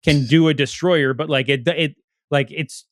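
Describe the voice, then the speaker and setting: Steady in tone and moving at normal speed, a man with a somewhat high, slightly bright voice co-hosts a podcast. He rambles in casual chat, cuts himself off, and uses plenty of fillers, recorded in clean studio sound with no room sound.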